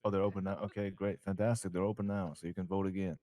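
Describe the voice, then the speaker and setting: Man announcing results, low, mellow, casual, dry sound. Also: fast, no echo. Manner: relaxed, casual announcing with fillers. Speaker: election announcer.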